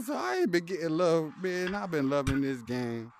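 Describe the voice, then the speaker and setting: A man's voice: on the high side, very animated, normal speed, slight background noise. A young man trash-talking casually while playing a VR hockey game, boastful and slangy, laughing often, on a headset mic. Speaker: VR hockey player.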